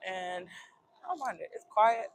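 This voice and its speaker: A woman's voice: medium pitch, animated, moderate pace, rough recording. A woman walks city streets outdoors on a cold morning and chats to her viewers through a handheld phone. She sniffles now and then and talks in a loose, joking way, calling her audience y'all. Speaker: travel vlogger. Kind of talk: casual vlog chat. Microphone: phone camera held while walking.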